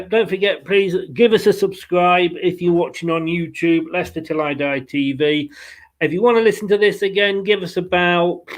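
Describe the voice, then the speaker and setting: Give me a chatty man with a fairly high voice hosting a relaxed post-match football podcast. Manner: chatty and rambling, with fillers and playful asides. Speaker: football fan podcast host.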